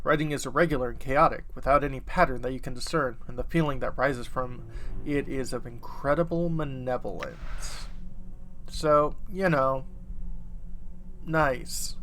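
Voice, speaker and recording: A man's voice: mid-range voice, a little slow, a bit bright, slight background noise. A man hosting a let's play, reading game text aloud casually with asides and self-corrections.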